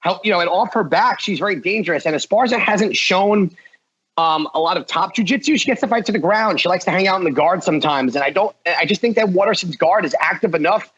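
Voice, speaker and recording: Husky higher-voiced man on muffled audio. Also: quick pace, a bit bright. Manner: hedging, thinks aloud. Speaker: guest picker. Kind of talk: casual betting picks.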